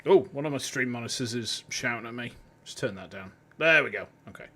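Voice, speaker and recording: A young man streaming as a VTuber, joking and irreverent in casual commentary, talking to his chat through a boom mic. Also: animated, brisk, bright, forceful tone. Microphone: boom mic on a stand.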